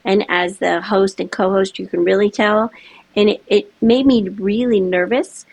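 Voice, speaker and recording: A middle-aged woman chatting as an interview guest, animated and laughing often. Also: medium pitch, moderate pace, vocal fry, no room sound. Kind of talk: casual chat.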